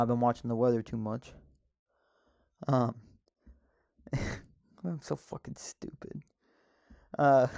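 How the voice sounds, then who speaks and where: A man's voice: medium pitch, darkish tone, clean tone, dry recording, clean studio sound. A young man rambling alone on his podcast, cursing often and mocking himself between filler words. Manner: rambling, crude, self-mocking jokes with frequent fillers. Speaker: podcast co-host recording solo. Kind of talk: rambling solo podcast monologue.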